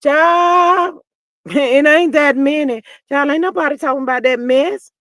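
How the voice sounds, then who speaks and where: Speaking a little slowly, a reality TV commentary host reads comments on her live stream and responds with animated sass, moving between low mutters and loud outbursts. The sound is dry and clean, like a studio.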